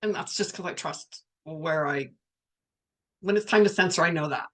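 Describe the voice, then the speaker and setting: A woman's voice: sits low, moderate pace, fairly bright tone. A woman speaking as a spiritual coach in a casual livestream, talking frankly and chattily and reading viewer comments aloud.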